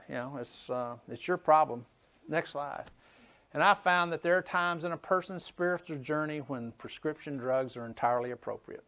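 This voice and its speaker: A man's voice: medium pitch, fairly bright tone. A middle-aged man giving a conference talk in a hall, folksy and anecdotal, in a conversational tone. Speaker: conference speaker. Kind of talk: conference lecture with slides.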